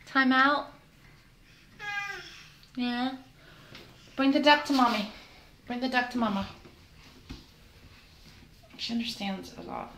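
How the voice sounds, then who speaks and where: A woman's voice: fairly high pitch, slow pace, pauses often, fairly bright tone, a little hiss or hum. A mother coaxing her toddler in sing-song, exaggerated baby talk at home. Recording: roomy echo.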